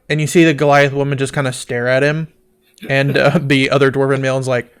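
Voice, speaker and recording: A man's voice: mid-range voice, flat delivery, fast, smooth. A man narrating a tabletop game as game master, playful and laughing often.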